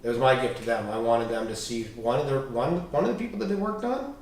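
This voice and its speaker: A fast-talking man of medium pitch tells candid stories as a podcast guest, animated and swearing as he acts out the dialogue. The recording has a little hiss or hum, an echoey room, and a distant mic.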